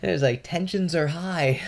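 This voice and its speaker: A young man co-hosting a casual podcast, telling rambling stories with lots of fillers. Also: on the high side. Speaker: podcast co-host. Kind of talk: casual chat.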